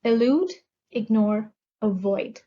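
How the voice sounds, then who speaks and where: A woman with a fairly high voice teaches exam vocabulary at a very slow, deliberate pace. She enunciates every word carefully. The audio is a little dull and lo-fi. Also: mellow. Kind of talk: scripted vocabulary lesson.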